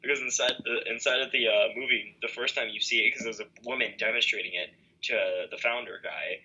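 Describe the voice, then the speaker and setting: A young man chats loosely on a podcast over a video call, rambling through fillers and restarts. His voice is very bright and a little husky, and the call audio sounds dull and lo-fi. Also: mid-range voice, a little fast. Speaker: podcast co-host. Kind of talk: casual chat.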